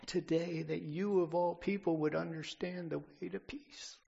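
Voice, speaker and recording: A preacher voicing Jesus as a tender, weeping man who pleads softly and drifts into a whisper. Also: medium pitch, steady tone, a little slow, vocal fry, lo-fi sound. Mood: pleading.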